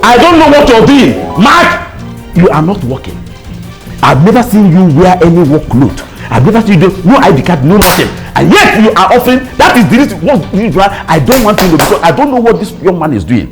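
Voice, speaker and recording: A stubborn, suspicious older landlord with a Nigerian accent, loud and indignant, as a man plays him. His voice sits high and jumps around a lot. Light music plays faintly behind him. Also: sing-song, a little fast. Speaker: landlord in a comedy skit.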